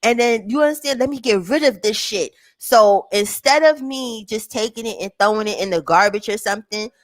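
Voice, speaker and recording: A woman's voice: medium pitch, no room sound. A young woman in casual chat, telling a story with lots of swearing and acting out the voices of her family. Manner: animated, swearing, acts out family members' voices.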